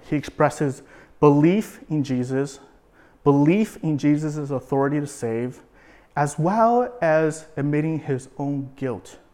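A man's voice: mid-range voice, a little mellow. Man preaching an explanatory sermon. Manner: explanatory, with frequent fillers and repetitions.

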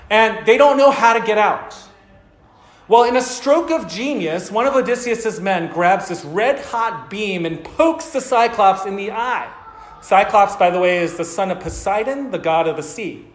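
A man preaching a sermon, telling a story casually and talking with the audience. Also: sits high. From United States. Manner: casual, lively storyteller who talks to the audience. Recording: echoey hall.

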